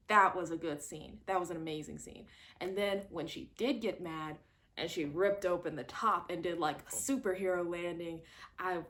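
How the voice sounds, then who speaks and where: A woman reviewing a horror movie in a casual, animated chat, often acting out scenes. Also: lowish voice, normal speed. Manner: animated and expressive, acts out scenes in quoted voices.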